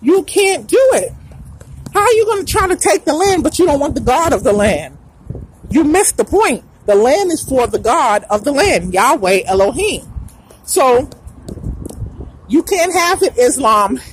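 High, lively-voiced woman preaching. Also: a little slow, a little hiss or hum, low-quality recording. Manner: emphatic, repeats lines, breaks into sung phrases. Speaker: podcast host. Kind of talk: preachy religious monologue.

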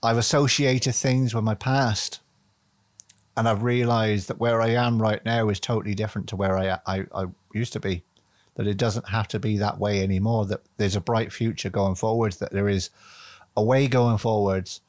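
A man's voice: lowish voice, fairly even intonation, normal speed, dry recording. Rambling man, dry close sound. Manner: rambling and chatty, swears casually, self-mocking asides. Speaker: podcast host. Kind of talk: rambling solo podcast monologue.

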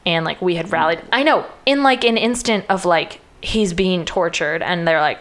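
A woman's voice: fairly low pitch, normal speed, few pauses, a bit bright. A woman casually retelling a film's plot, peppering her speech with "like" and briefly acting out the characters' lines. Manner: chatty, uses lots of "like", acts out quoted lines.

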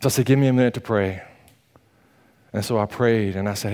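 A man, a pastor preaching a sermon in a folksy, animated storytelling manner, acting out the quotes. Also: fairly low pitch, fairly quick, clear, resonant tone.

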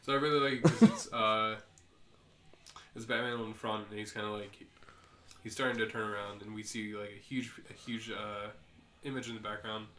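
Low-voiced man in an echoey room. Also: fairly even intonation, moderate pace, fairly bright tone, a little hiss or hum. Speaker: podcast co-host. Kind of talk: casual chat, summarizing comic.

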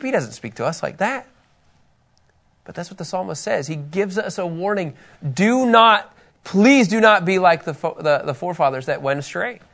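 A man teaching a Bible lesson to a small group, conversational and lively, acting out people's doubts and putting questions to his listeners. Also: a little high.

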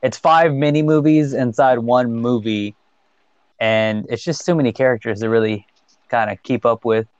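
A man co-hosting a casual podcast, cracking crude jokes. His voice sits in an average middle pitch. The recording is dry and slightly lo-fi. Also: steady tone, moderate pace, dry recording. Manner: joking, crude banter. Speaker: podcast co-host. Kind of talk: casual chat.

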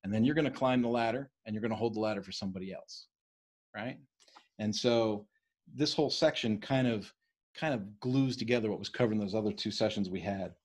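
Husky fast-talking male teacher. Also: lowish voice. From East Coast of the US. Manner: fast-talking, keeps checking in with "right?". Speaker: leadership study leader. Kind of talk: casual teaching on a leadership book.

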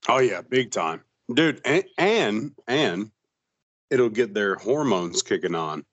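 A laid-back man with a lowish voice chimes in on a casual podcast chat. His audio is dull and lo-fi. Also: very animated, slow pace, fairly bright tone.

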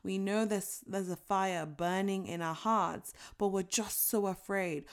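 A woman in her twenties gives an inspirational talk as a motivational speaker, her mid-range voice steady, smooth, and a little slow with few pauses. She is earnest and emphatic, growing emotional as she tells her story and acts out inner voices.

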